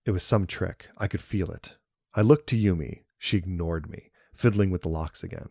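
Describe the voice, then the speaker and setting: Deep-voiced male horror narrator. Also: normal speed, gravelly, no room sound, clean studio sound. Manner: calm, even storytelling with quoted dialogue. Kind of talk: first-person horror story narration.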